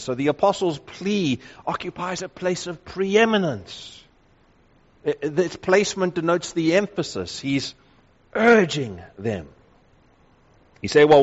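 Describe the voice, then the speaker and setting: A man preaching a sermon, reading scripture aloud and slowing down to stress key phrases with emphasis. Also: mid-range voice. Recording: dull lo-fi sound with long hall reverb.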